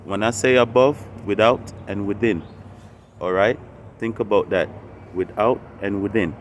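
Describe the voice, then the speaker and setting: A man's voice: on the low side, fairly even intonation, measured pace, a little hiss or hum. A man hosting a spiritual channel, talking unscripted and meandering, often repeating and restarting phrases. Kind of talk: unscripted casual monologue.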